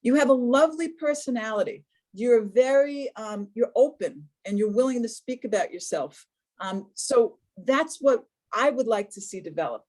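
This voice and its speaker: Older american lady teaching english on a video call, slightly high voice, encouraging, repeats herself. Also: animated, moderate pace. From United States. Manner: warm, encouraging, repeats words while searching. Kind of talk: online conversation class.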